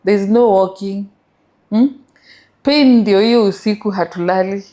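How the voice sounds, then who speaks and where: Kenyan woman telling a story, mellow voice. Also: mid-range voice, measured pace. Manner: animated storytelling with English and Swahili mixed. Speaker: guest. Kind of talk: interview storytelling.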